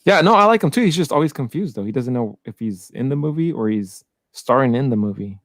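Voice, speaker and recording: A man's voice: medium pitch, animated, fast, dry recording, studio quality. A man hosting a live stream, teasing his guest, laughing often and reading viewer comments aloud. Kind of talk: casual live-stream banter.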